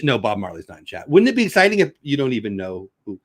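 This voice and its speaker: A man's voice: medium pitch, sing-song, quick pace, fairly bright tone, no echo, studio quality. A middle-aged man hosting a casual home livestream, rambling and joking while reading chat comments aloud. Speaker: livestream host.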